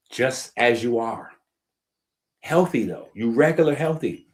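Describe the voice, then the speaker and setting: A man giving a casual, emphatic health-talk monologue, reading passages aloud and often checking in with "right?". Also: fairly low pitch. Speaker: health streamer.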